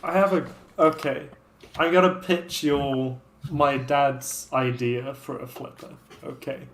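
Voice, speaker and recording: A man's voice: mid-range voice, steady tone, takes it slowly, fairly bright tone, slight background noise. A young man from the UK with a British accent, hosting a casual livestream chat and laughing often. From United Kingdom. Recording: roomy echo.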